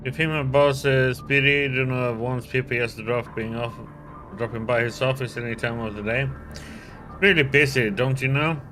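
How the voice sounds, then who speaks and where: A playful secretary of about thirty teases in a sing-song lilt, as a man puts her on. Her tone is bright and forward, like a bored office worker in a video game, with faint music behind. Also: medium pitch, steady tone, moderate pace, natural voice. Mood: teasing. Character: secretary woman around thirty, playful and flirty.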